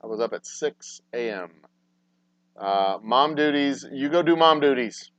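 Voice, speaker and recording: A man hosting a casual livestream talk show, swearing freely and swinging between low, mumbled asides and loud, exasperated rants. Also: animated, unhurried, no room sound. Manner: profane, ranting, swings from mumbling to loud outbursts. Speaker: podcast host. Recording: dry, dull lo-fi sound.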